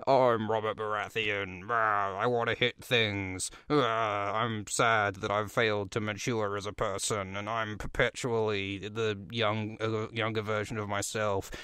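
A man's voice: lowish voice, level tone, unhurried, few pauses, bright, forceful tone, smooth, no echo, studio quality. A man voicing a whiny, self-pitying middle-aged king who mopes and complains about his lot. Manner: mopey, self-absorbed complaining.

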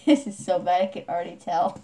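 A woman's voice: on the low side, lively intonation, normal speed, mellow. A woman chatting casually and giggling often while playing a drawing game on camera.

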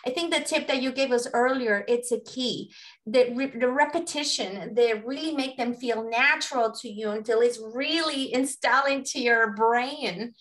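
A woman's voice: on the high side, moderate pace, fairly bright tone. A woman hosting a radio interview, earnest and rambling, often restarting her sentences, a native Spanish speaker talking in English. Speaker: host and parenting facilitator. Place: radio studio.

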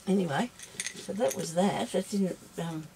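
A woman hosting a casual craft tutorial, chatting and thinking aloud as she works, with soft laughs to herself. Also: fairly low pitch, slow pace, a little hiss or hum. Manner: rambling, chatty, thinks aloud while working.

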